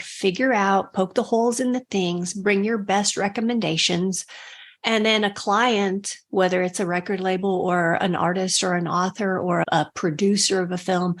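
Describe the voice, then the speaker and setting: A woman guest on a talk show, sharing personal faith stories in an earnest, casual way. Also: medium pitch. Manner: earnest, storytelling, quick bursts. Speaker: podcast guest.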